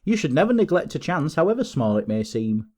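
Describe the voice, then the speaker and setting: A man voicing a pompous, boastful male police detective in an audiobook, talking in excited, self-satisfied bluster. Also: mid-range voice, fairly quick.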